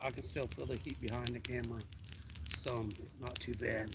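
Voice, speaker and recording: A man casually chatting on a live stream outdoors beside a campfire, relaxed and rambling, a little out of breath. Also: mid-range voice, moderate pace, heavy background noise. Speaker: outdoor vlogger. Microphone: camera about seven feet away.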